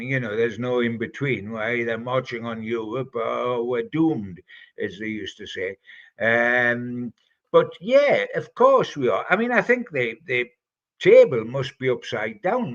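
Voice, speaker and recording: A man's voice: mid-range voice, a little slow, fairly bright tone, muffled recording. An older man with a Geordie accent, a football pundit telling fond, rambling anecdotes on a fan podcast. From North East England. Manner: chatty, anecdotal, fond reminiscing. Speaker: football pundit answering listener questions. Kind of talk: storytelling, casual podcast chat.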